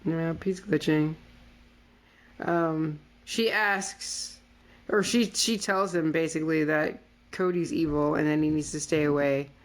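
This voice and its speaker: Chatty woman podcast co-host, lowish voice. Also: steady tone, a little slow. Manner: chatty, lots of fillers, quotes characters in playful voices. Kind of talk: casual recap chat.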